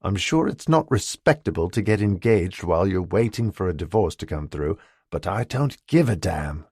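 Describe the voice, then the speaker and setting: A man reading an audiobook and voicing a playful, devoted gentleman in a romance. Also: deep voice, lively intonation, moderate pace, slightly rough, no echo, clean studio sound, full character voice. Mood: tender.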